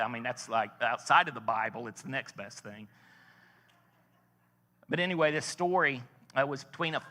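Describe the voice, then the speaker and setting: A man's voice: medium pitch, pushed and bright. A man preaching a sermon, telling a story and asking the congregation questions. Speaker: pastor. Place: large church sanctuary. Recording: church hall reverb.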